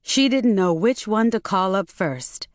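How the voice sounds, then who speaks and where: A woman reading an audiobook as narrator, in an even, measured storytelling manner. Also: mid-range voice, dry recording, clean studio sound. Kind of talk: scripted narration.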